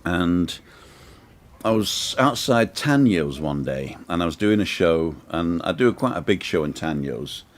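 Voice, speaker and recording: A man's voice: low-pitched, lively intonation, unhurried. A man, hosting a live show from a sunny outdoor balcony and telling a rambling, chatty anecdote full of asides. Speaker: host. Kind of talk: casual storytelling on a live show.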